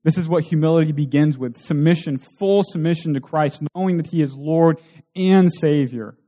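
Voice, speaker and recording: Earnest man preaching, mellow voice. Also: fairly high pitch, normal speed. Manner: earnest, rhetorical questions. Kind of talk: sermon.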